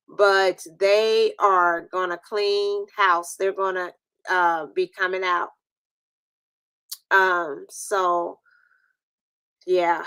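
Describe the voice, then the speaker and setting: A woman with a mid-range, fairly bright voice hosts a casual live stream, captured in a dry recording. Originally from New York, she's chatty, laughs a lot, and jokes around with her audience.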